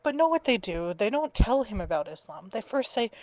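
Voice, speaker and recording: A woman's voice: a little high, sing-song, brisk, a little mellow, dry recording. Exasperated young woman ranting to webcam. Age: 20s. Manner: exasperated, storytelling, frequent laughs. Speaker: vlogger. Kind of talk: casual webcam rant. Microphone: webcam mic.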